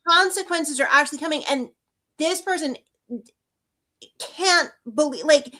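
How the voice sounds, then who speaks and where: Bright-voiced, earnest female guest. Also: high voice, unhurried. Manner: earnest, restarts her sentences, often asks "right?". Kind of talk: casual live-stream chat.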